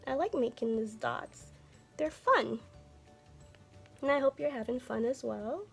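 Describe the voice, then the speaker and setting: A woman teaching a children's art lesson, speaking gently and encouraging viewers to take their time. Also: fairly high pitch, expressive, a little slow, vocal fry, slightly rough, soft background music. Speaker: art instructor.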